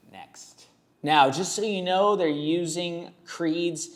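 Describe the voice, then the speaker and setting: A man's voice: a little high, takes it slowly. A man in his thirties, a tattoo artist, giving casual, rambling and jokey commentary with a sarcastic streak.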